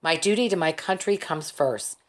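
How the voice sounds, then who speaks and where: A tired, stubborn young soldier talks wearily but will not give an inch, as a woman reads him in an audiobook. His voice sits a little low and plain. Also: moderate pace, natural voice. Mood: insistent. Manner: weary and insistent. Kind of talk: audiobook character voice.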